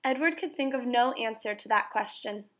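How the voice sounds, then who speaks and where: Reading from a children's novel, a woman delivers the story aloud in a calm, clear, measured style with plenty of expression. Her pitch sits slightly high for a female voice.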